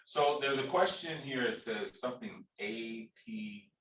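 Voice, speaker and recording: A man's voice: medium pitch, expressive, a little slow, fairly bright tone. A man hosting a panel, affirming others and often restarting his sentences. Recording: roomy, distant audio.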